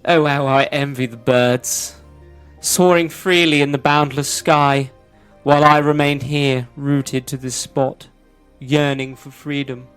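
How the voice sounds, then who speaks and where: A man's voice: medium pitch, fairly even intonation, slow, a bit bright, smooth, faint music behind. A man voicing a melancholy talking tulip in a tabletop game, lamenting in flowery, theatrical phrases. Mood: mournful. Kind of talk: tabletop role-play voice.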